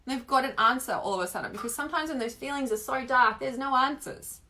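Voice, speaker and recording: Bright-voiced Australian woman teaching. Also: high voice, fast. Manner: expressive, chatty, full of "like" fillers. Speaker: spiritual healing teacher. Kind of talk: casual live-streamed teaching talk.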